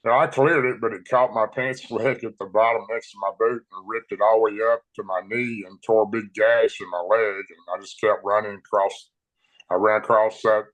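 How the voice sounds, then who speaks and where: A man recounting his own encounter in a plain, unhurried, folksy way. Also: lowish voice, fairly bright tone, low-quality recording. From Tennessee, USA. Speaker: eyewitness storyteller. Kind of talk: personal account told aloud.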